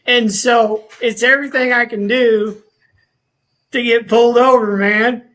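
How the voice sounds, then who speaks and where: A man's voice: very high voice, steady tone, a little slow, pushed and bright, low-quality recording. A man, a podcast guest telling his life story in an earnest, rambling way with many restarts. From rural northwest Missouri.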